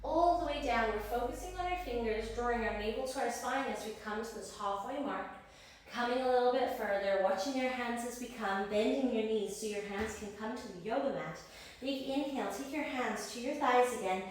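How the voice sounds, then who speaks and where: A young woman guides a beginners' yoga flow with a somewhat high voice, calling out inhales and exhales with steady encouragement. She sounds slightly winded from the poses. Her voice comes from a distance in a very echoey room with a faint hum of ambience. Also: fairly quick. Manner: encouraging cues, breath counting. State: a little out of breath. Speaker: yoga instructor.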